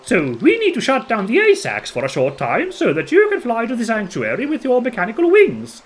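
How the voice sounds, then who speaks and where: A man does a timid bird villager in a storybook game. He sits high and breathy, with his voice jumping about. He trails off as if he is always short of breath. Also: huge pitch swings, a little fast, heavily acted. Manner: nervous, rambling, forgetful.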